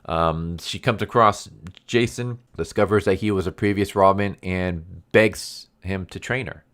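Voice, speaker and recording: A man's voice: low-pitched, unhurried, fairly bright tone. A man casually recapping a comic story, rambling with lots of fillers and restarts and adding wry, sarcastic asides. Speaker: comic book reviewer.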